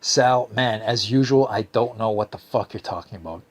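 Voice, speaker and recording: A man's voice: lowish voice, normal speed, a little hiss or hum. A man hosting a solo podcast, reading out listener messages in a rambling, profane, casual way with frequent stammered restarts. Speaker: podcast host.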